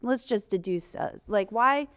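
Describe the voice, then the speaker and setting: A woman's voice: medium pitch, a little slow, smooth. A woman hosting a casual podcast chat, telling blunt stories and acting out quoted lines. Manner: animated storyteller, blunt, acts out quotes. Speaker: podcast host, comedian.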